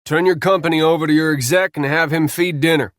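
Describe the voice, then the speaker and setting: A man reading as a brisk army officer. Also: a little high, fairly even intonation, fairly bright tone, dry recording, clean studio sound, voice pushed up, natural voice. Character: brisk male battalion operations officer.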